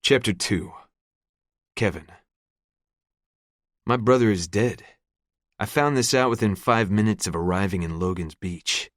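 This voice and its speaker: Male narrator, very low voice, dry close mic, gritty profane first-person read. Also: unhurried, long pauses, dry recording. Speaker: audiobook narrator.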